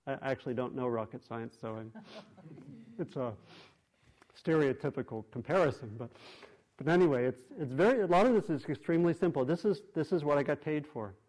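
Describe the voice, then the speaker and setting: Teaching meditation to a group, this man has a fairly high, animated voice with a darkish tone. His dharma talk in the meditation hall is thoughtful and slow-paced, with frequent pauses and fresh starts.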